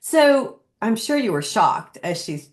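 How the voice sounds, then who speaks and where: Host: woman with a lively, varied pitch, encouraging and curious. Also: takes it slowly. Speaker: podcast host. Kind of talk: interviewing.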